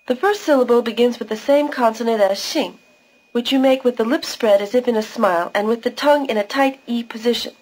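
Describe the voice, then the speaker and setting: A woman's voice: a little high, brisk, darkish tone, rough recording. A woman giving scripted narration for a language course, patiently explaining pronunciation step by step.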